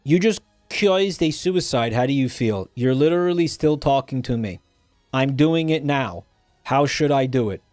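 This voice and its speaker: A man's voice: medium pitch, lively intonation, normal speed, darkish tone, no room sound, faint music behind. A man streaming live and chatting casually, joking around and swearing freely.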